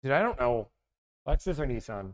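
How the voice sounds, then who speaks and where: A man's voice: medium pitch, sing-song, moderate pace. A man hosting a casual livestream, rambling and interrupting himself as he chats with viewers about car deals. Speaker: car-buying negotiation service host.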